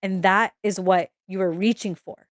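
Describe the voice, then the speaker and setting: A woman's voice: mid-range voice, fairly even intonation, normal speed, no room sound, studio quality. A woman giving an intuitive spiritual reading in a casual, emphatic way. She swears freely and keeps checking in with her listeners. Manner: addresses listeners directly, checks in often. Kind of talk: casual spiritual talk to camera.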